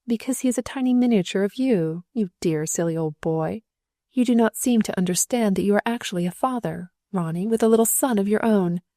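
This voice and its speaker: A woman's voice: mid-range voice, a little fast, warm tone, no echo, clean studio sound, close to an everyday voice. A woman reading the lines of a loving young wife and new mother in a storybook, tender and affectionate.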